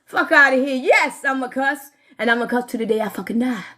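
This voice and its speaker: Woman, 40s, high voice; heated live-stream rant, cursing nonstop at her viewers. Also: fairly quick, pushed and bright. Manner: heated, swears constantly, talks straight to viewers. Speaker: livestreamer.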